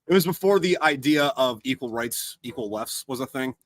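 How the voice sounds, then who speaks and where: A man's voice: medium pitch, lively intonation, a little fast, no room sound. A man hosting a casual podcast interview over a remote call, chiming in with joking remarks. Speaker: podcast host.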